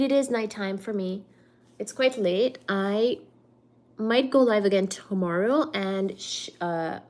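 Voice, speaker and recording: A woman hosting a casual livestream, chatting with viewers and reading out their comments, a little stuffed up. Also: medium pitch. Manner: chatty, reads out chat comments, playful singsong. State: a bit stuffed up. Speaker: livestream host.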